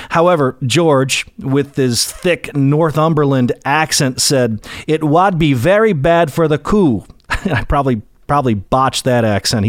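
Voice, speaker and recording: A man's voice: medium pitch, dry recording, studio quality. A man hosting a history show, telling the story in an emphatic, folksy way. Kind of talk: scripted history narration.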